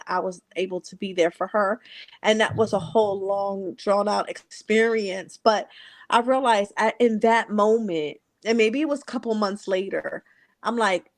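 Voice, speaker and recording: A woman's voice: medium pitch, no room sound. Earnest woman in her forties, dry sound. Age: 40s. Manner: earnest, reflective, halting with restarts. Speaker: host. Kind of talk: heartfelt conversational storytelling.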